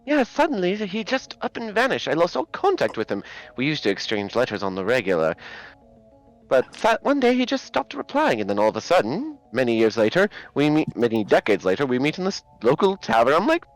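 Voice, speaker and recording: A man's voice: a little high, huge pitch swings, a little fast. A pompous noble adventurer, as a man puts him on for a tabletop game. He talks in a raised voice that leaps wildly up and down, grand and theatrical. Faint music plays underneath. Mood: storytelling. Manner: grandiose, theatrical, sing-song delivery.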